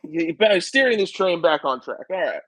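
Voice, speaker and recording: A man's voice: a little high, expressive, a little fast, fairly bright tone, dry recording, poor audio. A man with a slightly raised voice talks through stats on a sports podcast. He is chatty and quizzes his co-hosts as he goes. The sound is dry and close. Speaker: podcast co-host, stats segment. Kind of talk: casual sports podcast chat.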